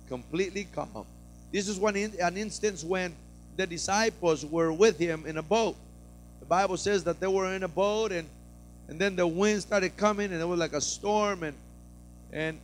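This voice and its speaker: A pastor preaching a sermon, moving from quiet explanation to loud, fervent preaching and acting out scenes. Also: male voice, sits high. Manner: builds from soft teaching to loud preaching, acts out frightened disciples.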